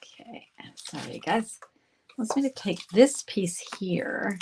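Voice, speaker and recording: A woman's voice: medium pitch, expressive, slow, vocal fry, background noise. A woman from Canada chatting casually with viewers while making cards, talking to herself as she works and poking fun at her own slips. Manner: chatty, self-deprecating, talks to viewers while working. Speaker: card-making instructor. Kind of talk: casual crafting tutorial.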